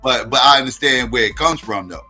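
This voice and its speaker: Host type: East Coast US man, bright forceful tone, blunt and profane, casual panel talk. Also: mid-range voice, a little fast, husky, faint music behind.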